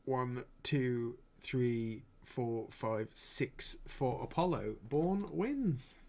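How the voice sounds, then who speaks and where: A man's voice: mid-range voice, extremely slow. Chatty man hosting a live stream. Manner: chatty, laughing, animated. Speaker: streamer hosting a film vote. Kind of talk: casual live-stream chat.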